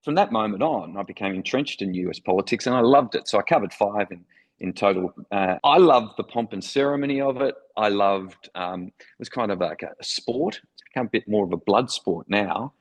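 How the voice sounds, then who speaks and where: Australian man, middle-aged, gravelly, husky, enthusiastic storyteller, interview guest. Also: lowish voice, a little fast, low-quality recording. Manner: enthusiastic, vivid anecdotal storytelling. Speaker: former foreign correspondent, guest.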